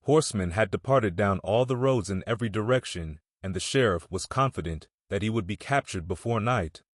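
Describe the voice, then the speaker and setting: A low-voiced male audiobook narrator delivers scripted narration in a measured, steady storytelling manner. The recording is dry with clean studio sound.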